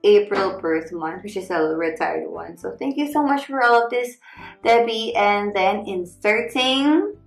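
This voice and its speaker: A woman's voice: mid-range voice, measured pace, gravelly. Gushing woman vlogger in an echoey room. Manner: gushing, excited, thanks repeatedly. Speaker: vlogger unboxing gifts. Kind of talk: casual unboxing vlog. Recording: echoey room with faint music.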